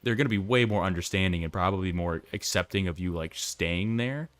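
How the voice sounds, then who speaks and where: Young man, podcast co-host, very low voice, laid-back advice, dry close sound, faint music. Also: fairly quick, a bit bright, dry recording. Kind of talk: casual chat.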